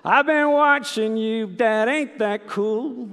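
A man's voice: very high voice, takes it slowly, a bit bright, long reverb tail, pitched above the performer's own voice, heavily acted. A man doing an eager little boy. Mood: excited. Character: eager little four-year-old boy, adoring his dad.

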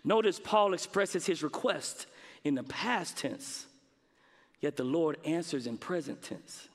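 A man preaching a sermon, with dramatic pauses and emphatic repetition. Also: a little high, expressive. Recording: long reverb of a large hall.

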